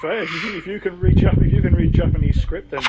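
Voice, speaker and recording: Brief: northern male guest, high voice, dull lo-fi line with loud hiss. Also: fast talker, a crowd in the background. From Northern England. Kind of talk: casual chat. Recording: dull lo-fi call audio with loud noise.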